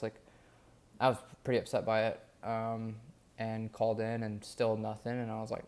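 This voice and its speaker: A young man vlogs about his day, rambling candidly with lots of fillers. His lowish, slightly mellow voice has a flat delivery and a moderate pace.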